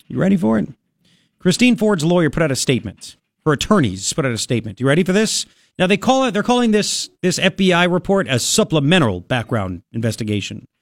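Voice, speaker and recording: A man's voice: a little high, no room sound, clean studio sound. A man hosting a talk radio show, ranting in a sarcastic, mocking and exasperated way. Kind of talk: opinionated talk radio monologue. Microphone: studio microphone.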